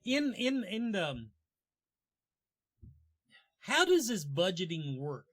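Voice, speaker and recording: A man's voice: sits high, big pitch swings, slow, fairly bright tone. A man hosting an interview show, asking long rambling questions that keep restarting. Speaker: talk show host. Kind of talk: casual interview.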